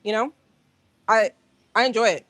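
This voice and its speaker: Animated woman ranting on a livestream. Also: fairly high pitch, moderate pace, dry recording. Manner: animated, rambling, talks straight to viewers. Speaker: livestream host. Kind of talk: casual live-stream chat. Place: gym.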